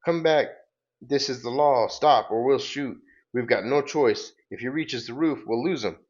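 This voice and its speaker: A man's voice: medium pitch, normal speed, dull audio, lightly acted. A man voicing alarmed cops and bystanders in a raised, urgent voice while reading a comic aloud. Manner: urgent, excited shouting. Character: panicked male cops and bystanders.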